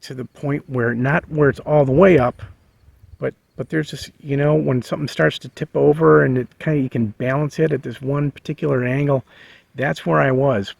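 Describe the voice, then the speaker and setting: A man casually telling a personal story, halting with many fillers and restarts. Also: medium pitch, fairly even intonation, creaky, no room sound. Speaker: vlogger sharing a memory. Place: living in a bus.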